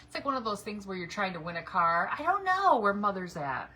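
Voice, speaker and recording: A woman's voice: mid-range voice, big pitch swings, brisk, pushed and bright, slightly rough. A middle-aged woman chatting casually and rambling as she paints a craft project on a home livestream, laughing often. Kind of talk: casual live-stream chat while painting. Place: home yard or garage. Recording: noisy home livestream audio.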